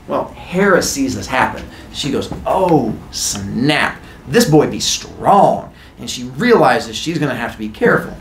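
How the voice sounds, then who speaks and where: A man's voice: mid-range voice, a little hiss or hum. A man teaching a class, retelling a myth in a playful, jokey storytelling way. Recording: echoey classroom.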